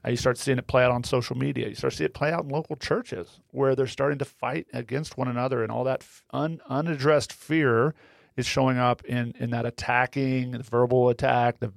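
A man's voice: mid-range voice, steady tone, a little fast, gravelly, no room sound, studio quality. A man hosting a podcast discussion, reflective and asking questions. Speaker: host.

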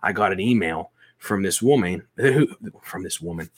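An animated man telling stories as a toy collector on an interview show. He jokes at his own expense and rambles loosely from one thought to the next. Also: deep voice, normal speed. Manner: animated, self-deprecating, rambling with restarts. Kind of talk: casual interview storytelling.

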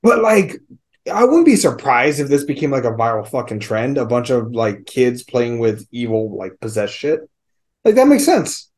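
A man's voice: medium pitch, big pitch swings, normal speed, a little mellow. A man co-hosting a podcast, chatting casually about a movie, loose and profane with lots of fillers. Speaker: podcast co-host.

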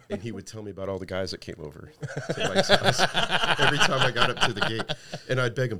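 A man's voice: mid-range voice, sing-song, a little fast, over a noisy crowd. A man on a podcast, telling a funny story in casual chat and laughing along as he goes. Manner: laughs through his own stories. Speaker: podcast guest.

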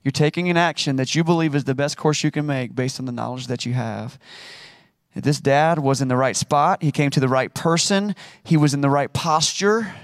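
Higher-voiced man preaching casually. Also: normal speed, dry recording, studio quality. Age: adult, married. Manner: conversational, acts out quotes with playful asides. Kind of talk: casual sermon.

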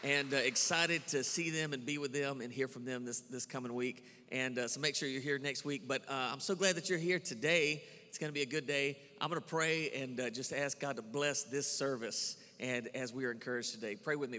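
Earnest pastor in a reverberant church. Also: male voice, medium pitch, brisk, hardly any pauses, bright, forceful tone. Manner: earnest, repetitive, with frequent "uh" fillers and restarts. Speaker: campus pastor. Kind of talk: sermon and prayer. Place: church sanctuary. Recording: long church hall reverb.

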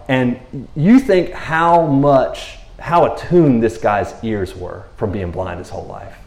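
A man gives a relaxed, chatty sermon, retelling scripture in his own words and laughing as he goes. His voice sits at an ordinary pitch. The room around him is echoey. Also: measured pace. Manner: conversational, animated, laughs often, keeps saying "you know what I mean". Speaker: preacher. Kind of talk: casual sermon.

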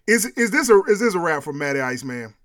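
A man with a high voice talking through sports and culture in a loose, casual way. He is animated, laughs easily and circles back over his own words as he makes a point. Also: quick pace. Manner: animated, laughs often, repeats himself when making a point. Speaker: podcast co-host.

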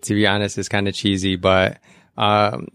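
Laid-back man with a gravelly low voice. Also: completely flat delivery, moderate pace, fairly bright tone, no echo. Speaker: guest. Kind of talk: casual podcast chat.

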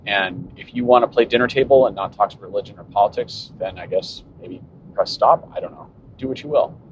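Fifties male podcast host, low voice, wry and sarcastic, recorded in a moving car, dull sound with faint road hum. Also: fairly quick. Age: 50s. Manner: wry, sarcastic, thinking aloud. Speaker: cycling podcast host and coach. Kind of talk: solo podcast monologue.

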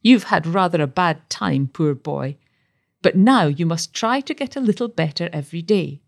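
A woman voicing a devoted, fussy young wife nursing her husband, with a coaxing, bright manner. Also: on the low side, lively intonation, normal speed, gravelly. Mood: soothing.

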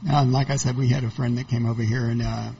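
Gravelly man telling stories. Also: mid-range voice, level tone, fast talker, dark tone, highs cut off, slight background noise. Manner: anecdotal, laughs while telling stories. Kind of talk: casual interview chat.

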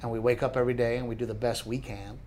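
A man's voice: mid-range voice, racing, slight background noise. A middle-aged man, a comedian co-hosting a podcast, chatting casually and telling jokey stories, often mimicking other people. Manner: joking, animated storyteller who mimics others. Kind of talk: casual chat.

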